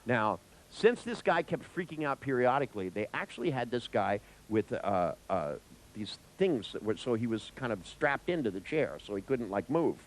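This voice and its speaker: Animated man telling a wild story. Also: normal speed, rough recording. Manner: animated, acts out voices with big pitch jumps; profane, laughs at his own story. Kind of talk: storytelling in a lecture.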